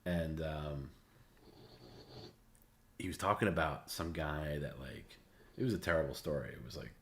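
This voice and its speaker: A man hosting a livestream and casually telling stories, rambling and halting as he repeats words. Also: very deep voice, slight background noise. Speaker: livestream host. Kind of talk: casual storytelling.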